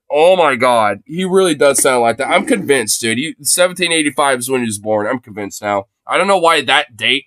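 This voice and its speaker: A man streaming casual commentary on political clips, excitable and crude, laughing often and breaking into shouts. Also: a little high, no room sound. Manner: crude, swears constantly.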